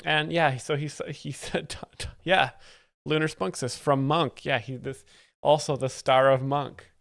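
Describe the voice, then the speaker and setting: A man with a gravelly, creaky voice hosts a live stream from home, rambling and explaining jokes with dry, mock-serious commentary. His desk mic sounds close and dry, with no room echo. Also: a little high, fairly even intonation, measured pace, fairly bright tone. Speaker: livestream host.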